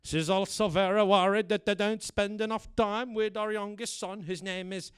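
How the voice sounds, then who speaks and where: A stand-up comedian playing a deadpan middle-aged male Swedish homicide detective, with a put-on Swedish accent, on a comedy club stage. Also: high voice, normal speed, clear, resonant tone, no room sound, close to an everyday voice. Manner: deadpan, dry delivery.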